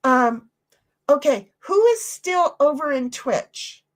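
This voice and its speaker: A woman's voice: high-pitched, lively intonation, slow pace. A woman co-hosting a casual livestream chat, blunt, profane and playful. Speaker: stream co-host.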